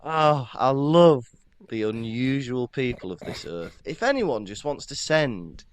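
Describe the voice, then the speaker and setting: A man's voice: medium pitch, a little slow. A man co-hosting a casual podcast, telling stories with laughter. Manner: lively and laughing, animated storytelling. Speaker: podcast co-host. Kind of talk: casual chat.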